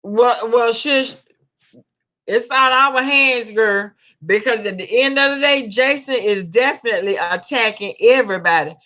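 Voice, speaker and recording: Woman vlogger, slow drawl, dull lo-fi stream audio, gossipy chat. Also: on the high side, sharp tone. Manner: chatty, Southern slang, greets viewers as babe. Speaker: vlogger reading live chat. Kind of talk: casual live-stream chat.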